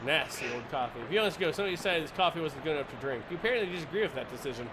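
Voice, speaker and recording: Guy streaming a game, reads the text out and cracks jokes, high lively voice. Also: racing, heavy background noise. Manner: reads game text aloud with jokey asides. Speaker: streamer playing a video game. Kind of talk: casual game commentary.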